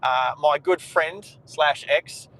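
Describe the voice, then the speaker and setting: A man's voice: a little high, slow, fairly bright tone, rough recording. An Australian man rambling in casual chat while he drives, often restarting his sentences. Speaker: co-host driving. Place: inside a moving car.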